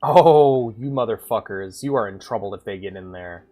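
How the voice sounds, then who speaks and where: A man streaming and reacting to videos in loose, profane casual chat, swinging between loud outbursts and mutters. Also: on the low side, animated, moderate pace, soft background music. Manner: loose and profane, bursts of laughter.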